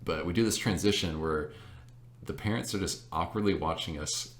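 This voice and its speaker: A young man in casual chat, telling an animated story with laughs and many fillers. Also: low-pitched, moderate pace. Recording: echoey room.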